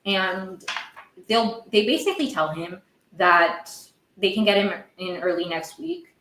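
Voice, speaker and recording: Her pitch sits in the middle, with lively intonation and a somewhat bright tone. She's a podcast host recapping a TV episode, rambling, self-correcting, and quick to get worked up, captured in a roomy space on a rough recording.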